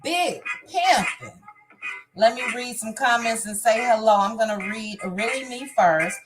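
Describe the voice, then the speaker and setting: A woman's voice: a little high, steady tone, moderate pace, poor audio. A woman hosting a casual livestream, reading viewer comments and greeting each viewer by name. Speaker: livestream host. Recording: music playing behind the voice.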